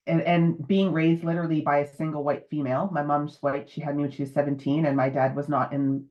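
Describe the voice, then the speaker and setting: A woman in her fifties, a menopause educator, speaking candidly and emotionally on a video call. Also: sits low. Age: 50s. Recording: dull lo-fi video call audio.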